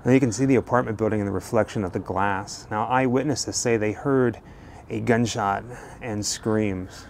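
Guy narrating a crime story outside, lots of fry in his voice, faint street sounds. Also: lowish voice, moderate pace, a little hiss or hum. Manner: steady storytelling, walking narration. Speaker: true crime channel host. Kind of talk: on-location true crime narration. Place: outdoors on a residential street.

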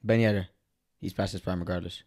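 A man's voice: low voice, steady tone, a little fast, a little mellow. Sex: male. Role: podcast host. Style: casual chat. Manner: playful and full of questions. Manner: playful, keeps asking questions.

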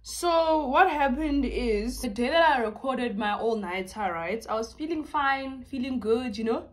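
A young woman chats in a bubbly, talkative way. Her voice sits a little high for a woman. She talks casually while eating, like a friend catching up. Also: expressive. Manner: bubbly and chatty, with drawn-out words. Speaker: YouTuber. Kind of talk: casual mukbang chat.

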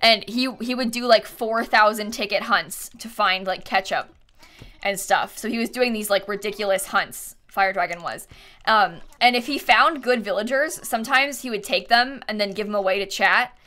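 A woman's voice: mid-range voice, moderate pace, sharp tone. A woman chatting casually on a live gaming stream, giggling often and thanking viewers as she plays.

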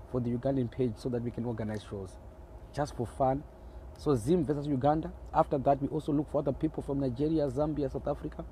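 There's slight background noise as a middle-aged Zimbabwean man, speaking with his native accent in a mid-range, somewhat mellow voice, hosts a phone live stream, chatting teasingly and at length while greeting viewers by name.

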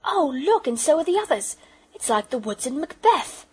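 A woman reading the part of a lively young girl in a storybook, exclaiming in an excited, breathy way. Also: high voice, normal speed, pitched above the performer's own voice, low-quality recording. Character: girl, lively and quick to react.

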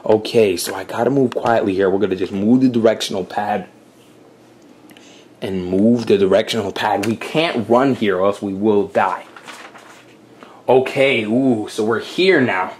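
A man's voice: lowish voice, a little slow, a little mellow, slight background noise. A man hosting a casual game walkthrough, chatting to viewers and apologizing for slips along the way. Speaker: gameplay host.

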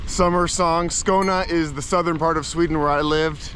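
A man's voice: on the high side, steady tone, normal speed, fairly bright tone, a little hiss or hum. A man chatting upbeat and casual to camera outdoors on a bike trip, laughing often. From United States. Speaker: bikepacking vlogger. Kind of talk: casual travel vlog to camera. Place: outdoors on country roads.

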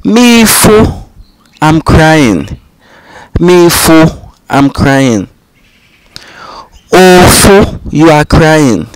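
A man teaching vocabulary, saying each phrase twice in a calm, patient way. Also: on the high side, drawn-out words, pauses often, clear, resonant tone, dry recording, rough recording. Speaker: language teacher. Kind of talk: slow, repetitive vocabulary drill.

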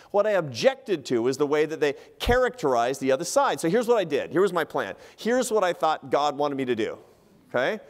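Animated man giving a lecture. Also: a little high. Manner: animated, humorous storytelling. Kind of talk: public lecture. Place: lecture hall.

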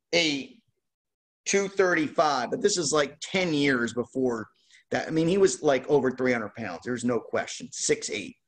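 A man hosting a card-opening show, telling a lively casual anecdote with laughs. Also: a little high. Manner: animated, laughing anecdote teller. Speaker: host opening baseball card packs. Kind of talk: casual storytelling.

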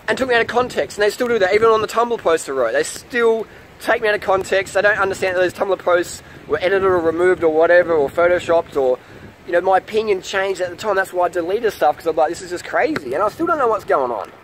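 A man's voice: high voice, expressive, fast, a little hiss or hum, low-quality recording. A man, ranting defensively to camera in a vlog, swearing and repeating himself in a heated way. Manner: profane, heated, repeating questions. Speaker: vlogger.

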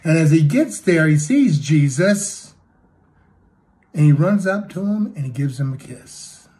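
A man preaching a sermon, retelling a story with acted quotes and swinging between loud and hushed delivery. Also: a little high, animated, a little slow.

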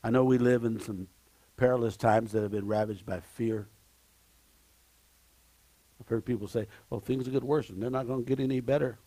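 A man preaching a sermon as pastor, emphatic and swinging between shouts and low asides, repeating key phrases and exclaiming praise. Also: steady tone, moderate pace, pauses often, no room sound. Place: church sanctuary.

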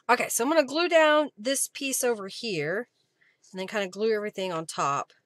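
A woman with a bright, clear voice leads a live craft session. She muses aloud about each step and keeps up easy chatter with her viewers. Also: on the high side, fairly quick, dry recording. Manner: chatty, thinking aloud while working, thanking viewers. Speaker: craft journaling host. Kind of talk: live-stream crafting demo.

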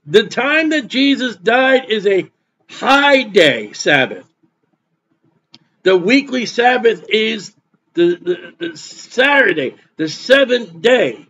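A man's voice: high voice, very animated, slow pace, bright, forceful tone, husky, muffled recording. A man preaching a sermon as pastor, emphatic and repeating his points for stress.

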